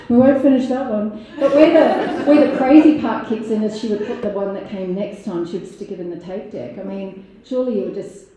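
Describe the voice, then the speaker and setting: A woman's voice: mid-range voice, fairly quick, hardly any pauses, a crowd in the background. A woman telling her recovery story at a meeting, candid and laughing often, with many fillers. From Australia. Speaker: AA meeting speaker. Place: meeting hall. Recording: very echoey hall.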